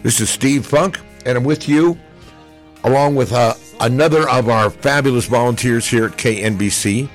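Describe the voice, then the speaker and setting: A man in his sixties from Nevada, United States, hosts a live radio pre-show from an outdoor concert stage in a parking lot, with upbeat, folksy announcer patter. His mid-range voice moves at a moderate pace with faint music behind him.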